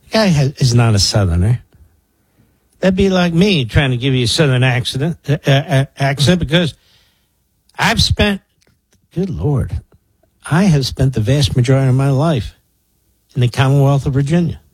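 A man's voice: medium pitch, animated, normal speed, pauses often, husky, dry recording, rough recording. A man in his sixties from the Philadelphia area, hosting political talk radio in a sarcastic, mocking, emphatic way. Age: 60s. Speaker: radio talk show host.

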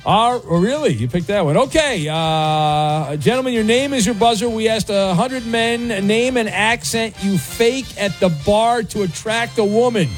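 High-pitched guy hosting a radio game, jokey, stumbles on words, faint music behind. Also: normal speed, hardly any pauses. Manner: loose, joking, stumbles on words. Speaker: radio show host. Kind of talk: morning radio game show.

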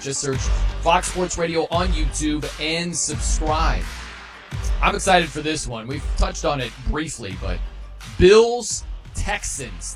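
A man hosting a sports talk radio show, energetic and chatty, with a husky voice. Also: a little high. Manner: energetic, mimics stadium chants.

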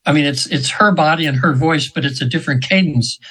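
A hypnotherapist in his seventies, appearing as an interview guest, tells stories in an earnest, rambling way full of fillers and restarts. His voice is a little high, brisk, fairly bright and slightly rough, and the audio is poor.

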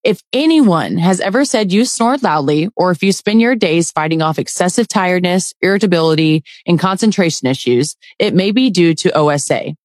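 A woman reads an ad calmly and clearly in a fairly low voice. The sound is dry and close, with no room echo. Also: moderate pace, hardly any pauses. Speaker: ad announcer. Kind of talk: scripted ad read.

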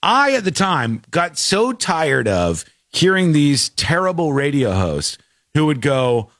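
Lively male talk radio host, dry close mic, casual banter with impressions. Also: on the high side, slow pace, no room sound. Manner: animated, mimics voices while telling stories.

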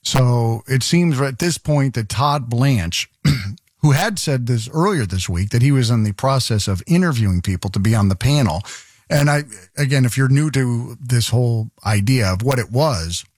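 Male talk host, sardonic and rambling, dry close mic, mid-pitched. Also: lively intonation, moderate pace, a little mellow, husky, no room sound. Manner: rambling, sarcastic, exasperated asides. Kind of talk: news commentary monologue.

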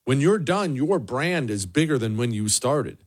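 A man's voice: medium pitch, animated, a little slow, breathy edge. A man hosting a political commentary show, talking in an emphatic, mocking monologue. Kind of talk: opinionated monologue.

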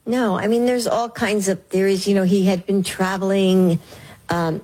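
A woman answering interview questions in a slow, hesitant, measured way. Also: mid-range voice, steady tone, mellow, rough recording. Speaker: interview guest. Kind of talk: recorded interview clip.

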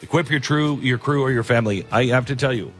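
A man's voice: mid-range voice, fast, a bit bright, soft background music. A man hosting a talk radio show, speaking in a rambling, conversational monologue with frequent restarts. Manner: rambling, conversational, self-interrupting.

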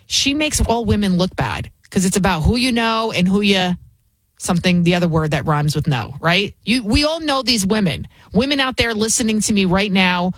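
A woman's voice: medium pitch, no echo. Combative, sarcastic woman talk host. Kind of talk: political commentary talk show.

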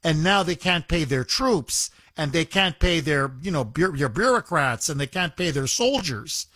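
Radio host guy, high voice, super emphatic, keeps repeating himself, dry close studio mic. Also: sharp tone, dry recording. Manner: emphatic, repeats words for stress. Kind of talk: opinionated call-in radio talk.

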